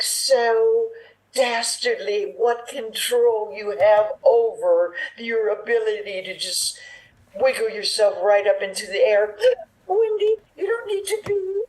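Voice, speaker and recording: A woman with a high voice plays both parts of a comic improv scene, breathless and gushing in each character. She speaks unhurriedly and is heard over a video call. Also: a little mellow, poor audio. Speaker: improv performer.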